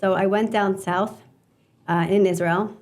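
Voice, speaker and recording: Woman, interview guest, earnest, animated, mid-pitch, chatty asides. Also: measured pace. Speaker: guest, media strategist. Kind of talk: conversational interview storytelling.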